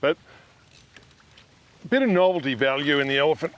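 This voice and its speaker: Aussie bloke hosting a fishing show on a boat, jokey and chatty, bit of engine and water noise behind. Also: male voice, on the high side, lively intonation, brisk, a bit bright. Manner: chatty and jokey, lots of fillers. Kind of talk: casual fishing show banter.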